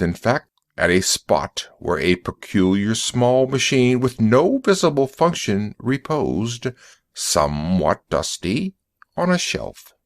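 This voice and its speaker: A man narrating a story in a slow, clear audiobook reading for English learners. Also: medium pitch. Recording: dry close recording.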